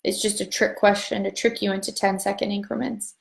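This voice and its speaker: A woman's voice: medium pitch, little pitch movement, a little fast, creaky, reverberant. A woman leading a voice class, giving a chatty, upbeat motivational talk to an online audience and rambling along with casual swearing. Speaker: voice class facilitator.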